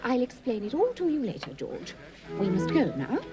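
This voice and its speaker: A woman's voice: fairly high pitch, wildly swooping pitch, moderate pace. An actress playing a prim, disapproving middle-aged mother in a period film, scolding and fussy. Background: film score music.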